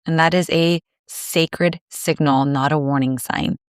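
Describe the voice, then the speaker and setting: A woman hosting a solo podcast, speaking in a gentle, soothing, measured way with pauses. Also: sits low, fairly even intonation, no room sound, clean studio sound. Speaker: podcast host. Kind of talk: reflective solo podcast monologue.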